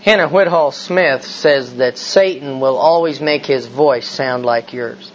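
A man's voice: medium pitch, unhurried. A man preaching a sermon, emphatic and full of rhetorical questions. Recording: slightly dull recording with faint hiss.

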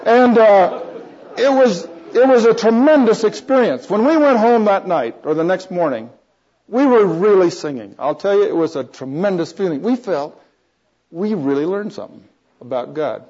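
An older man gives a personal testimony in a sermon, circling back and restarting sentences as he tells his story with small chuckles. His voice sits fairly high for a man. The recording is dull and lo-fi. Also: animated, normal speed, darkish tone, some chatter behind. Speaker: preacher.

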